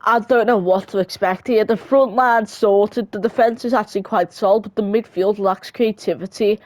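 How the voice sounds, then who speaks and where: A woman's voice: medium pitch, fairly even intonation, moderate pace, a little mellow, no room sound. Woman rambling over a football game. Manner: rambling and self-mocking. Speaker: gamer. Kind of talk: casual game commentary.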